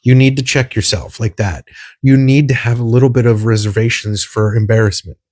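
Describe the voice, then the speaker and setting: Talking briskly in a steady, mid-range, darkish voice, the man co-hosting this podcast rambles through casual chat and gropes for words. There's no room sound, just a clean studio recording.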